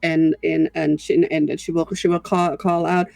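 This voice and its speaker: Man, high pitch, dry sound, tabletop player, stammers and repeats words. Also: gravelly, no echo. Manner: halting, repeats words when excited. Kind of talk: tabletop game play.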